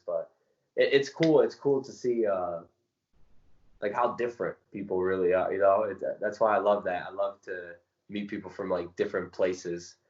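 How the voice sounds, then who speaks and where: Podcast co-host, man, low voice, chatty and rambling, dull lo-fi recording. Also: moderate pace, reverberant. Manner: rambling, excitable storyteller. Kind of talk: casual chat. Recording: dull lo-fi sound.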